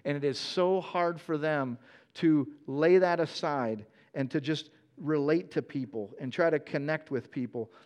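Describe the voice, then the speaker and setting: A man preaching a conversational sermon, earnest and animated in his storytelling. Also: a little high, a little slow.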